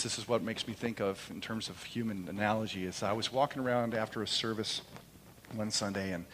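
A middle-aged man preaching a sermon in church, impassioned, moving between loud proclamation and soft, quiet storytelling. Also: fairly low pitch, a little hiss or hum. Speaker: pastor. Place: church sanctuary during a service. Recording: long hall reverb.

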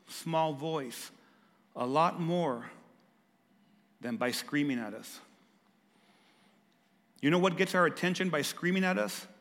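A pastor preaching a sermon, swinging from raised, emphatic lines to hushed, soft ones. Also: male voice, fairly high pitch, in a large hall.

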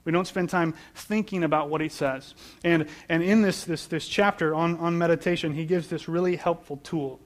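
A man's voice: on the high side, steady tone, moderate pace. A man preaching a sermon, earnest and explanatory, often repeating words as he builds each point. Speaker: pastor.

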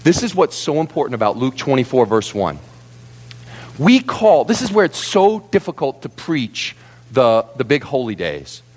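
A man preaching a sermon to a congregation, telling the story in an animated, theatrical way. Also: mid-range voice, moderate pace. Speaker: pastor.

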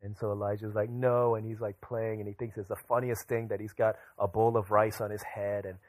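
A man's voice: on the low side, flat delivery, a little fast, a little mellow, no echo. A young man pastor preaching a sermon, telling a family story and acting out his children's voices.

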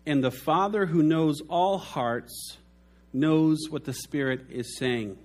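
A man's voice: on the high side, takes it slowly, a little mellow. A man preaching a sermon, telling anecdotes and acting out the voices in his stories. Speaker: pastor.

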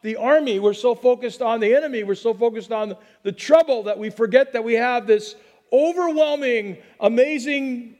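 High-voiced man preaching a conversational sermon. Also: normal speed. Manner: conversational preaching with asides and repetitions; drops to a hushed voice on calm phrases. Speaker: pastor.

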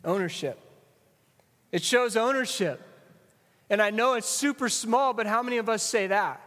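A man's voice: sits high, moderate pace, pauses often, fairly bright tone, in a large hall. A man preaching a sermon, emphatic and asking the audience rhetorical questions.

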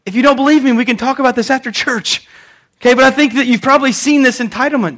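Young male pastor, sermon, high voice, bright tone, conversational storytelling. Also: fast. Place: church.

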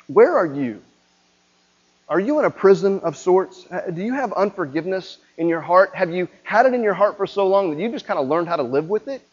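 A man preaching a sermon with a high voice. He talks to the congregation in a relaxed, conversational way and keeps checking in with rhetorical questions. The recording sounds a little muffled. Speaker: pastor.

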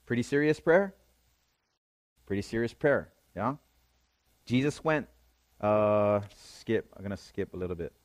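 A man's voice: on the low side, expressive, a little slow, pauses often, no room sound. A man preaching a sermon, reading scripture aloud and explaining it, often checking in with his listeners. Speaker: pastor.

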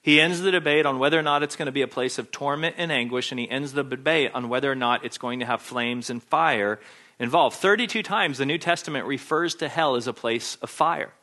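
A man's voice: medium pitch, a little fast, sharp tone. A man preaching a sermon, emphatic and insistent, hammering home his points by repeating key phrases.

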